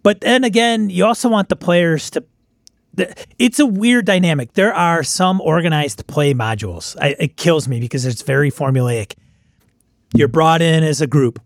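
A man's voice: fairly high pitch, normal speed, dry recording, studio quality. A man who runs tabletop games, talking in a rambling casual way and often breaking off mid-thought. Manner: rambling, self-interrupting. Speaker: game master guest. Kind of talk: casual chat.

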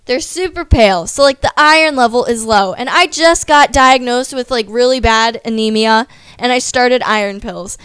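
A young woman chats to her viewers in a loose, rambling vlog, dropping "like" into nearly every sentence and poking fun at herself. Her voice sits a little high and sounds smooth and clean. The recording is dry and close, with no room sound. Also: normal speed, hardly any pauses, a bit bright, no room sound. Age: young adult. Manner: rambling, many "like" fillers, self-deprecating asides. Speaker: vlogger. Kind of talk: casual chatty vlog.

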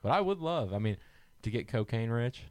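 A man's voice: mid-range voice, big pitch swings, fairly quick, clean tone, no room sound. A man co-hosting a podcast, telling casual stories full of swearing and laughs. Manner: chatty storyteller, swears freely, laughs often. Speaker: podcast co-host. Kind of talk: casual crude banter. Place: small studio.

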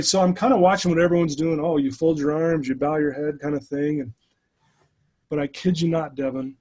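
A middle-aged man, a guest life coach, telling his story in an animated, conversational way during a podcast interview. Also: fairly high pitch, slightly rough. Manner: animated storyteller who addresses the host by name.

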